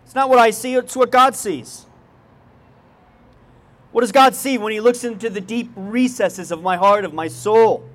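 A man's voice: high-pitched, measured pace, pauses often. A male pastor preaching a sermon in a conversational way, with folksy asides and questions to the congregation.

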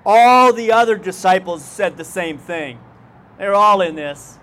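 A man's voice: high voice, measured pace, a bit bright. A male pastor preaching a sermon in a conversational way, with folksy asides and questions to the congregation.

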